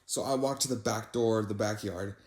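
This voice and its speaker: A young man casually narrating a storytime anecdote, voice jumping higher when he quotes his own disbelief. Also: brisk. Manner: animated, rises sharply when quoting himself in disbelief. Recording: echoey room.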